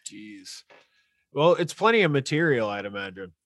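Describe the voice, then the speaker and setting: A man co-hosting a podcast, relaxed, reacting briefly and steering the talk to the wrap-up. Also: medium pitch, normal speed, no echo, studio quality. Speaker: podcast co-host. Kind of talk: casual podcast chat.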